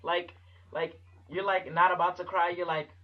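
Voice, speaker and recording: A man telling a funny story in his vlog, talking in an animated, slangy way and jumping into voices. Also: high voice, normal speed, lo-fi sound. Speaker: vlogger.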